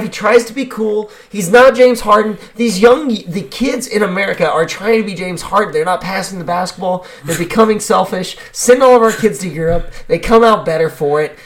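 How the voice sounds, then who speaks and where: A man's voice: sits high, normal speed, hardly any pauses. A man from Indiana co-hosting a casual sports chat, ranting heatedly and emphatically. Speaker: co-host.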